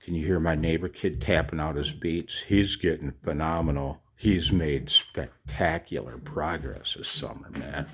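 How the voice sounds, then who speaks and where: A man's voice: low-pitched, slightly rough. A middle-aged man talking to his viewers in a rambling, casual monologue, chatty and profane, often poking fun at himself. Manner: chatty, profane, self-mocking. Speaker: video maker.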